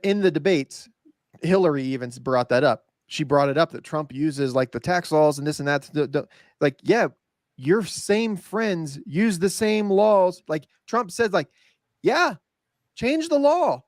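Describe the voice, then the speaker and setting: A man's voice: fairly high pitch, unhurried, no room sound. A man with a slightly raised voice co-hosts a podcast and talks in a loose, offhand way. His speech runs casual and unpolished. The recording is dry and close. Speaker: podcast co-host. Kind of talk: casual political commentary.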